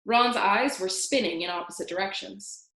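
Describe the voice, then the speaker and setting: A woman reading a children's book aloud, animated and singing out the sound effects. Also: mid-range voice, moderate pace. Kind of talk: read-aloud storytelling. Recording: roomy echo.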